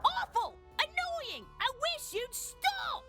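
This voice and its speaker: Foul-mouthed, irritable alien; very high, lively, snapping delivery. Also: female voice, slow pace, full character voice. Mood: irritated. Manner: snapping, cursing, exasperated. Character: rude, irritable alien city dweller. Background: loud game music.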